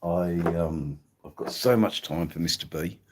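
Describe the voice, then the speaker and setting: A low-pitched, slightly breathy voice belongs to a middle-aged Australian livestream host who chats casually and at length with his audience. He speaks a little slowly, accented and peppered with ums and mates.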